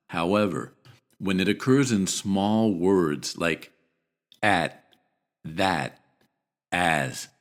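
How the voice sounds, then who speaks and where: A man teaching pronunciation in a scripted video lesson, repeating each word deliberately and clearly. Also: sits low.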